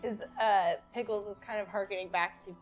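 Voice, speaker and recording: A woman's voice: medium pitch, fairly even intonation, brisk. A woman at a tabletop game asks curious questions for her character in a mid-range voice. Her talk is casual, with faint music underneath. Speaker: player.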